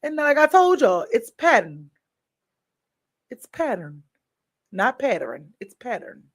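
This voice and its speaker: A woman hosting a casual live stream chat, playful and laughing often, her voice swinging between loud and soft. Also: sits high, big pitch swings, moderate pace, gravelly.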